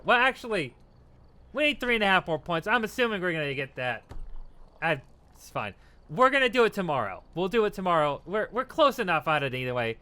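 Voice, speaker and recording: Lively bright-voiced male streamer, tipsy. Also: a little high, normal speed, pauses often, clear, resonant tone. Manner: rambling, laughing, thanks chat. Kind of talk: casual livestream chat.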